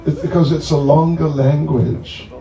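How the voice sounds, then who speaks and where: At a bonfire gathering, a man with a slightly high, level voice introduces a guest to devotees in a chatty, joking talk that moves slowly and rambles. Crowd noise is audible, and the recording sounds echoey and distant with faint ambient noise.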